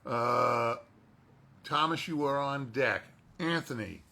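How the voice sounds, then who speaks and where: A man's voice: mid-range voice, a little slow, gravelly, sharp tone. A male voice actor chatting casually while signing autographs and talking to himself as he works.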